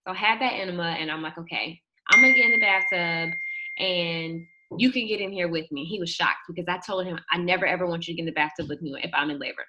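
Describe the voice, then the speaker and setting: A young woman telling a personal story in an animated way, acting out the quotes and shrieking at the high points. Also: quick pace, dull audio, slight background noise. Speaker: guest telling her birth story.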